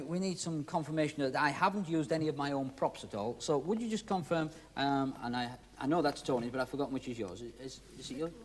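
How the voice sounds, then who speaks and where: A man's voice: on the high side, very noisy. A male magician hosting a TV show, talking through a trick with jokey, teasing patter to audience volunteers. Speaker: magician host. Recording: 1970s TV broadcast with audience. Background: studio audience.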